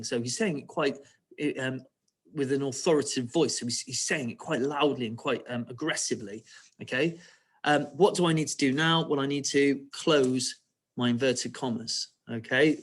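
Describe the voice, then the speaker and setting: A man's voice: mid-range voice, slightly rough. A male primary school teacher giving an online writing lesson, patiently walking pupils through each step and checking they follow.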